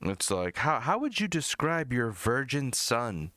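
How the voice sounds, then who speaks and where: A man's voice: very animated, measured pace, pushed and bright, dry recording. An American man hosting a live music review stream, drinking beer and mocking a rapper with profane, jumpy commentary. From United States. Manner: mocking, jumps into high squeaky outbursts.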